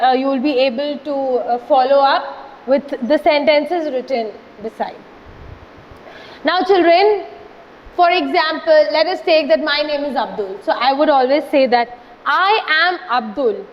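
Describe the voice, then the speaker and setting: A woman with a high voice teaches young children in a slow, patient way, going over each example more than once. The sound is dull and lo-fi, with a long reverb trailing after her words. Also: a little hiss or hum. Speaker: schoolteacher. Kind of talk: recorded classroom lesson.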